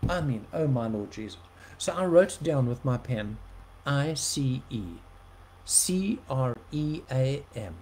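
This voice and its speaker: A man preaching, telling a personal story with animated shifts between loud and soft. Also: medium pitch, a little hiss or hum, poor audio.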